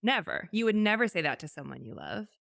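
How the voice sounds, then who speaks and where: A woman's voice: medium pitch, big pitch swings, fast talker, vocal fry, a bit bright, dry recording, studio quality. A woman co-hosting a podcast, chatting casually and acting out the voice of self-talk. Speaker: podcast co-host.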